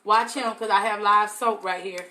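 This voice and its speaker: A woman's voice: medium pitch, steady tone, normal speed, background noise. A young adult woman leading a live soap-making tutorial, chatting casually and calling her viewers y'all.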